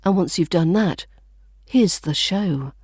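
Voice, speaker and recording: A woman with a British RP accent teaching pronunciation on a podcast, deliberately stretching out example words. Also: lowish voice, a little mellow, husky, no echo, studio quality, soft background music. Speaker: accent coach.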